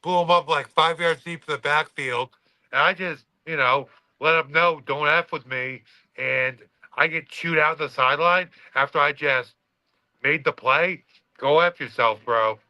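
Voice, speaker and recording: A man's voice: a little high, a little slow, pushed and bright, dry recording, rough recording. A man, a former college football player, telling a story in casual podcast chat and acting out the quotes with swearing.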